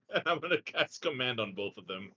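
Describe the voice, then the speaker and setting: A man's voice: mid-range voice, big pitch swings, moderate pace, bright, forceful tone, husky. A man playing in an online tabletop game, playfully announcing his character's spells. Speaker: player. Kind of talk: casual tabletop game play. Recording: lo-fi online call audio.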